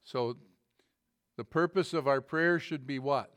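A middle-aged pastor preaching a sermon in a folksy, self-deprecating way, with halting restarts and a joke story told to the congregation. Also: male voice, mid-range voice, a bit bright.

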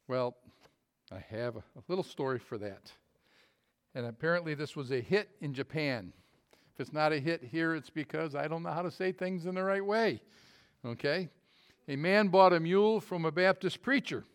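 A middle-aged pastor delivers a folksy, self-deprecating sermon, stumbling into restarts and telling the congregation a joke story. His male voice is fairly high-pitched and smooth.

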